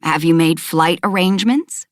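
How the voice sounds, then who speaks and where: Soft-spoken motherly woman, low and kind, dry close mic, read by the narrator. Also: normal speed, dry recording, natural voice. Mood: gentle. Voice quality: soft, gentle. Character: gentle motherly woman caring for a friend.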